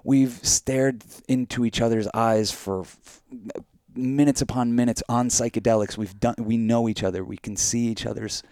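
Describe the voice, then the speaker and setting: A man co-hosting a podcast, telling a vivid dream in animated, casual chat full of fillers. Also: mid-range voice, normal speed, dry recording, studio quality. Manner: animated storytelling with many fillers. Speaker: podcast co-host.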